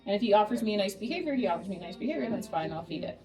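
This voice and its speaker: A woman dog trainer at home, calmly and patiently talking through a training session and softly praising the dog. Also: mid-range voice, rapid-fire, over music, rough recording. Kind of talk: hands-on training demonstration. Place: home living room.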